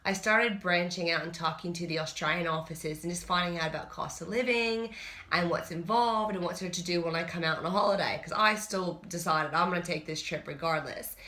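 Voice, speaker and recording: A woman's voice: lowish voice, a little fast, bright, forceful tone. A woman, a personal trainer, telling a personal story in a chatty, candid vlog. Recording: roomy echo.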